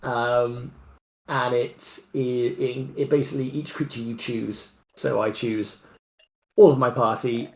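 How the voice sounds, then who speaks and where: A player in a tabletop game, describing moves in a slow, halting way with many restarts. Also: medium pitch, steady tone, darkish tone, a little hiss or hum, low-quality recording.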